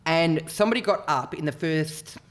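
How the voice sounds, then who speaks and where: A woman's voice: deep voice, normal speed. An Australian woman comedian, a podcast guest telling stories animatedly and laughing often. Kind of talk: casual chat.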